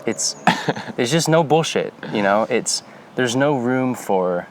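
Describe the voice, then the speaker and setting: A man co-hosting a podcast in casual, animated, joking chat. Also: mid-range voice, takes it slowly, slight background noise. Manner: animated, joking, lots of fillers. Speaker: podcast co-host.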